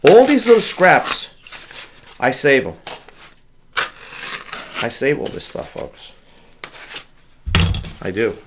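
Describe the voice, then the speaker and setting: A man's voice: medium pitch, huge pitch swings, takes it slowly, long pauses. A man chatting casually to viewers while he packs a box, rambling and calling them folks, in a workspace away from his house. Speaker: online reseller. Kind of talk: casual talk to camera while packing. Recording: clicks and clear background noise.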